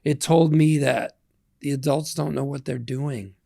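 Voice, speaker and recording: A man's voice: fairly high pitch, fairly even intonation, measured pace, gravelly, mellow, dry recording, studio quality. A man in his sixties, an interview guest, talking in a reflective, rambling, self-deprecating way. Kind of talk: casual interview talk.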